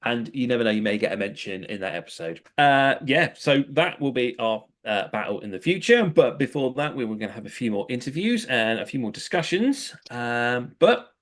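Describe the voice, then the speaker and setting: A man's voice: mid-range voice, sing-song, normal speed, hardly any pauses, a bit bright. A man co-hosting a casual podcast, chatty and full of fillers and restarts. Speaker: co-host. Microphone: headphones, remote call.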